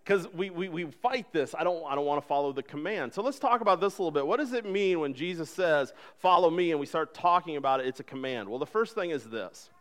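A man in his thirties preaching a sermon in a church, conversational and animated, acting out little dialogues. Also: a little high, brisk, hardly any pauses. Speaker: pastor. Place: church sanctuary.

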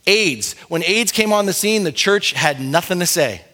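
A male pastor delivering an impassioned sermon, speaking straight to his congregation and swinging between quiet gravity and rising urgency. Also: high voice, expressive, moderate pace. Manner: impassioned preaching, rising and falling intensity; direct address to congregation as "beloved".

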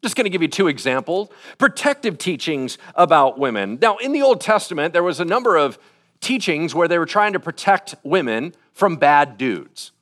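Lively, casual male preacher. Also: on the high side, moderate pace. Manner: casual, conversational preaching with acted-out quotes. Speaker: pastor. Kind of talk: sermon.

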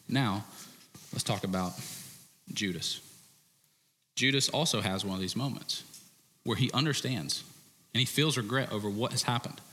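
A male pastor preaching an animated sermon, acting out quoted voices and swinging between loud and hushed passages. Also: lowish voice, in a large hall, slight background noise.

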